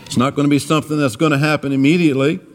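A man's voice: steady tone, rapid-fire, a little hiss or hum. A man preaching a sermon in a church, swinging his voice up and down for emphasis as he retells the scripture. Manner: preaching with dramatic rises and drops in pitch.

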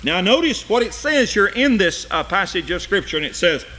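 An older man preaching a sermon, swinging between loud high cries and low, quiet asides. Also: sing-song, normal speed.

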